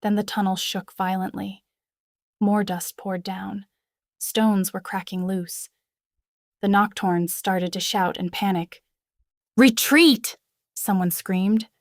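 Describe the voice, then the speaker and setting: A woman reading a first-person fantasy novel aloud in a dramatic, expressive way. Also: mid-range voice, slow, no room sound, clean studio sound. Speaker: audiobook narrator.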